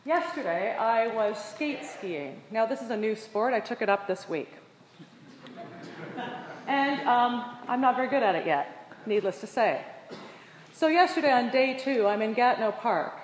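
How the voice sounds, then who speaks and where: A woman delivering a sermon, telling a personal story with animated voices for the people in it. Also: on the high side, unhurried, a little hiss or hum. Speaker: preacher. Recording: echoey hall with long reverb.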